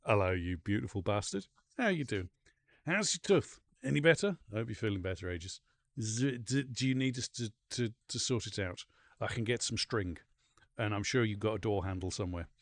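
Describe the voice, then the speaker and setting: Male streamer, gravelly, lively pitch, sweary running commentary, noisy game audio behind. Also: fairly quick, no echo. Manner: excitable, swears often, chats to viewers while playing. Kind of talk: live gameplay commentary.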